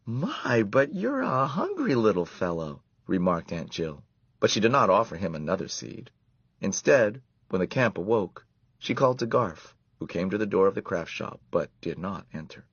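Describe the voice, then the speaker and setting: Guy reading a kids story, husky voice, dry close mic. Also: low voice, expressive, moderate pace, no room sound, dull audio. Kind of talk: children's story read aloud.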